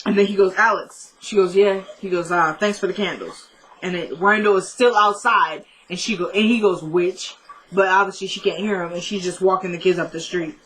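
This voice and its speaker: A woman's voice: fairly low pitch, fairly even intonation, a bit bright, a little hiss or hum, rough recording. Woman, casual episode recap, chatty, quotes characters back and forth, asides to viewers. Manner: retells scenes in rapid "he goes, she goes" quotes.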